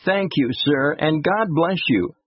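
A frightened young boy pleads through tears, his voice lifted high above the storyteller's own, as a man puts him on. The tone is husky and close, with a dull lo-fi recording. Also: expressive, unhurried, dry recording. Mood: grateful. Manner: pleading, tearful.

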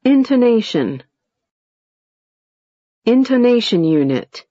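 A woman teaching English intonation, saying short example sentences slowly with deliberate, exaggerated tones. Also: mid-range voice, big pitch swings, dry recording. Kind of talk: slow demonstration of intonation patterns. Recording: dull, lo-fi audio.

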